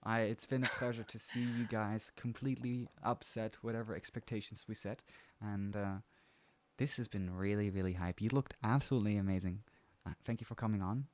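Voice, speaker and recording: A man hosting an esports broadcast who interviews a player and wraps up the show in an upbeat, animated way. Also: lowish voice, dry recording. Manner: upbeat, animated, quick to praise. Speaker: esports caster and interview host.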